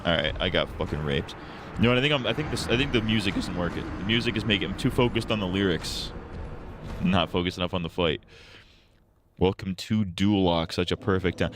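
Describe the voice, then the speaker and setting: A man with a low voice gives loose, crude commentary while he plays. He swears constantly and jokes with his chat, and the feed has a steady hiss of noise behind it. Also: quick pace. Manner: crude, joking, swearing a lot. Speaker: streamer. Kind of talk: casual gaming commentary.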